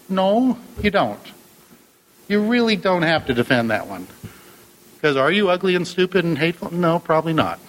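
A man's voice: a little high, a bit bright, rough recording. A man giving a conversational talk on relationships to an audience, asking rhetorical questions and acting out what partners say. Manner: conversational, rhetorical questions, acts out couples' lines. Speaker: therapist speaking to an audience. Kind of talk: lecture with acted-out examples.

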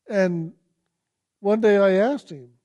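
A man giving a reflective spiritual talk, telling personal stories and asking gentle, searching questions. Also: sits high, slow pace. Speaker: spiritual teacher.

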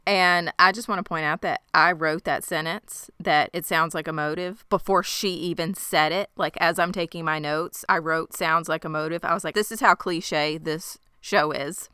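A woman's voice: fairly low pitch, moderate pace, clear, resonant tone, no room sound, clean studio sound. A young woman co-hosting a casual chat, recapping a story and acting out characters' lines with lots of laughter. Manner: animated, acts out characters' lines, laughs often. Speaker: podcast co-host recapping a game.

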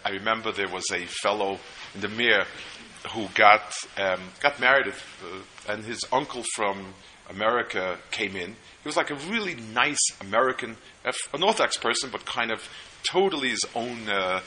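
A man lectures at a seminar in a very bright, sharp voice. He is earnest and stops and restarts as he tells stories to make his points. Faint hiss sits behind him. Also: on the low side, poor audio. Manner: earnest, storytelling, halting restarts. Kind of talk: lecture on parenting.

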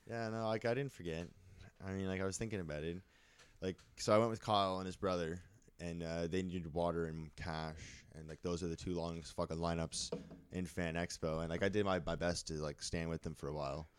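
A very low-pitched man rattles through his stories at a quick clip, swearing and stacking up "like"s as he goes. He sounds winded and out of breath. The sound is close and dry. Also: clear, resonant tone, no room sound. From Canada. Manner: rambling, animated, lots of "like" and swearing. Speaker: podcast co-host. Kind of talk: casual storytelling chat.

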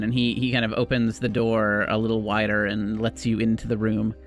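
A man narrating a tabletop role-playing game as game master, relaxed and laughing often. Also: fairly low pitch, brisk, faint music behind.

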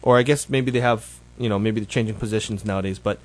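A man's voice: on the low side, steady tone, fast talker. A man hosting his show, giving a casual, rambling update that is full of self-corrections. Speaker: show host.

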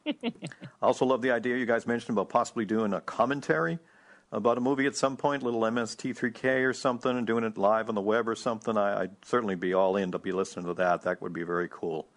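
Low-voiced, easygoing male listener. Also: fast talker. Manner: easygoing, hesitant with many fillers.

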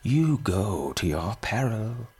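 Storybook role: a frail old man with a quavering, husky voice, read by a man. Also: lowish voice, big pitch swings, slow, a little mellow, pitched above the performer's own voice, exaggerated voice. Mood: grim warning. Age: older. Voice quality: feeble, quavering. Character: stooped feeble old man, grim, warning.

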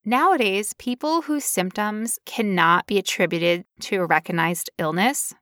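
A woman's voice: mid-range voice, moderate pace, a bit bright, no room sound, studio quality. A woman co-hosting a podcast, talking casually with sarcastic asides. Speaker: podcast co-host.

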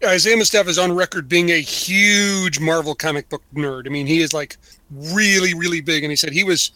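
A man's voice: a little high, a little fast, bright, forceful tone. A man co-hosting a podcast, chatting casually and acting out quotes in mock voices. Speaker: podcast co-host. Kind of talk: casual chat.

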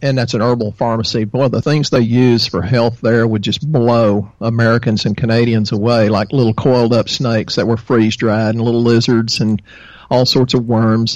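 A man's voice: mid-range voice, fairly even intonation, normal speed. A Texan man talks as a podcast guest, explaining health topics in a rambling, folksy way full of fillers. His recording sounds dull and lo-fi, but dry, with no room echo. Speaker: guest, natural health practitioner. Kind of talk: casual interview.

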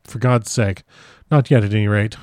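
A grief-stricken young aristocrat speaks in a husky, choked voice, given by a man reading the story aloud. His tone sits low and the sound is dry and close, like a storybook told at one's side. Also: fairly even intonation, moderate pace, darkish tone, dry recording, close to an everyday voice. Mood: earnest. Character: grieving young nobleman, broken and tearful. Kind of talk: audiobook character reading.

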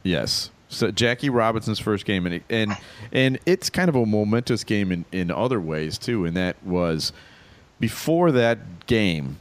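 Man, low voice, very lively pitch, wry podcast co-host, casual joking chat. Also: measured pace. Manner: wry, animated storytelling.

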